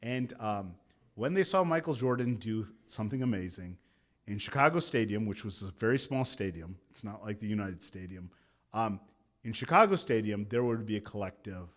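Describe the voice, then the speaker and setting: A man's voice: fairly low pitch, lively intonation, normal speed. A man in his thirties, a meditation teacher giving a guided meditation talk and leading a group in call-and-response chanting at an interfaith gathering.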